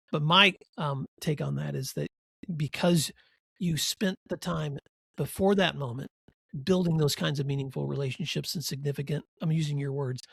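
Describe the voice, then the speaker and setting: A man's voice: fairly high pitch, vocal fry, breathy edge, no echo. A man hosting a podcast, asking questions in a reflective way and summing up what his guest says. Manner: reflective, affirming, sums up the guest's points. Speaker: podcast host. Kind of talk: interview host questions.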